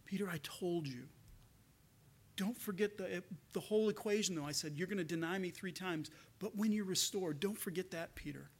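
A preacher voicing a soft-spoken gentle teacher. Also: male voice, high-pitched, normal speed, husky. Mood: tender. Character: gentle male teacher speaking quietly to a friend.

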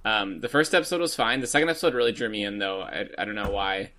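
A man's voice: lowish voice, expressive, fast talker, bright, forceful tone. A man co-hosting a casual podcast chat, laid-back and hesitant, with lots of ums. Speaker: podcast co-host.

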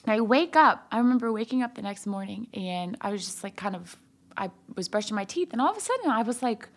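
A young woman from Ohio sharing her personal faith testimony as a guest, animated, acting out what others said, with many fillers. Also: mid-range voice, quick pace. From Ohio, USA. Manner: animated retelling, voices others' quotes, frequent fillers.

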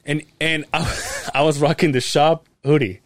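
A man's voice: on the high side, a little slow, no echo, clean studio sound. A young man co-hosting a podcast, telling a long casual story full of swearing and quoted voices. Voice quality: profane, animated retelling with quoted voices. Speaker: podcast co-host.

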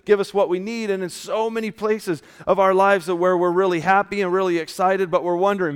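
A man preaching a casual, story-filled sermon, often dropping to a soft hushed tone. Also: high-pitched, moderate pace, clear, resonant tone. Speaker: pastor. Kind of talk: conversational sermon with stories. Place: church. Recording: long church hall reverb.

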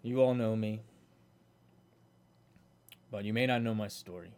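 A man's voice: lowish voice, a little slow, darkish tone. A man voicing an earnest male warforged automaton guard who tells his story plainly.

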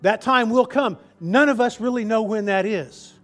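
A man preaching in a loose, conversational way, doubling back on his words as he walks through a scripture verse. His pitch sits a little high for a man. Soft music plays faintly underneath. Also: moderate pace. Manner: conversational, restarts phrases, acts out the people's whining in a raised voice. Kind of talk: sermon.

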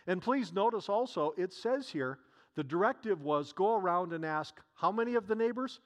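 Male preacher, high voice, storytelling delivery that acts out neighbors' dialogue and asks rhetorical questions. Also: expressive, moderate pace, muffled recording. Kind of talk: sermon.

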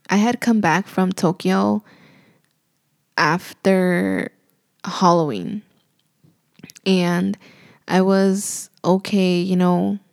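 A woman's voice: mid-range voice, a little mellow, dry recording, clean studio sound. A young woman and new mother telling a personal story in a casual, emotional way, full of "like" and "you know".

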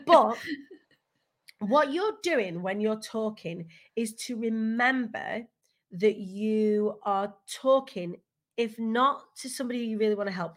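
A woman, a guest speaker giving a candid, energetic motivational talk over a video call, swearing casually. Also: medium pitch.

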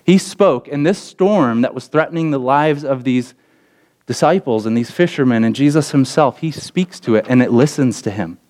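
Storytelling man preaching a sermon. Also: moderate pace. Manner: storytelling with acted quotes, pitch jumping up in excited parts. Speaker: pastor.

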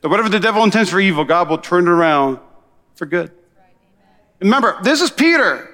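A man preaching a sermon as pastor, energetic and conversational, calling out to his congregation. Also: high-pitched, brisk, long reverb tail.

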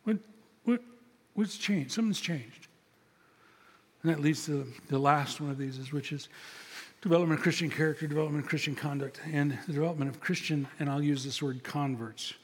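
A man's voice: a little high, steady tone, fast talker, husky. An older man preaching a sermon as pastor, talking conversationally and acting out little scenes of dialogue. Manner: conversational, storytelling, acts out dialogue. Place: church sanctuary. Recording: long reverb of a large hall.

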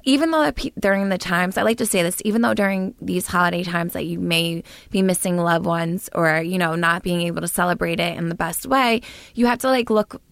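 A young woman co-hosting a podcast, telling stories in a chatty, animated way with lots of "like"s. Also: lowish voice, a little fast, vocal fry, dry recording. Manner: chatty, animated storytelling with many "like"s. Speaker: podcast co-host. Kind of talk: casual chat.

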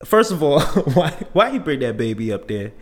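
A man's voice: a little high, very animated, normal speed. A man co-hosting a casual chat podcast, laid-back and slangy, steering the conversation between topics. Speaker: podcast co-host.

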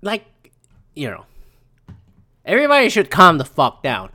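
A man's voice: a little high, wildly swooping pitch, normal speed, bright, forceful tone. A man from Philadelphia hosting a solo podcast, ranting profanely and animatedly and laughing between thoughts. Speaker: podcast host.

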